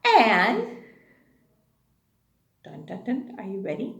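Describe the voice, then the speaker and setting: Slow, sing-song kindergarten teacher woman. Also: medium pitch, wildly swooping pitch, vocal fry, reverberant. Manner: sing-song, exaggerated enunciation, praising and prompting. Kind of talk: online class for young children.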